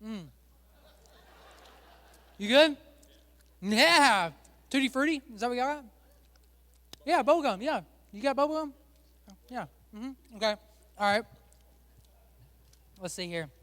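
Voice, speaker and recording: A man with a high voice leads a lighthearted sermon from a church stage. He jokes and teases the people up front with him, in a chatty, upbeat way. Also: expressive, slow, pauses often, a bit bright, long reverb tail. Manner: joking, chatty, teasing the volunteers. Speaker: pastor. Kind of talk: playful sermon with a stage game.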